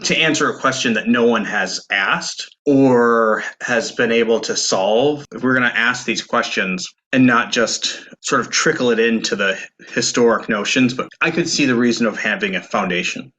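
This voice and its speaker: A man co-hosting a podcast in casual chat, thinking aloud in a halting way and often restarting sentences. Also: medium pitch, bright, forceful tone, low-quality recording. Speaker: podcast co-host.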